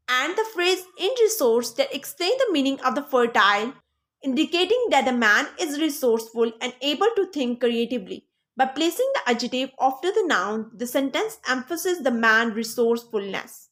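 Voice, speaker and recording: A woman teaching an English grammar lesson, reading example phrases slowly and often asking her listeners whether they understand, with small grammar slips. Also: high voice, a bit bright. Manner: repeats "Understand?" to check on listeners.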